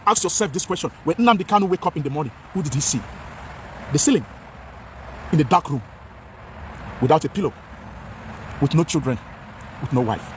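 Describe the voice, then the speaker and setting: A man's voice: a little high, lively intonation, a little fast, pauses often, a little hiss or hum. A Nigerian man vlogging outdoors in English mixed with Pidgin, speaking with passion and a lot of repetition. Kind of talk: outdoor talking-head vlog.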